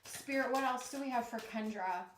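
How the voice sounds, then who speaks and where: A woman giving a live-streamed tarot reading in a slow, soothing, reassuring way, tired from jet lag. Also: on the high side. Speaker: tarot reader. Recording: echoey room with clear background noise.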